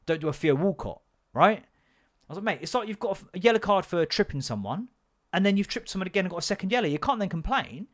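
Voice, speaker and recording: Sweary dad ranting, slightly high. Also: male voice, very animated, quick pace. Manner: blunt, sweary, fired-up. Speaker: podcast host; father. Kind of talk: comedic parenting rant.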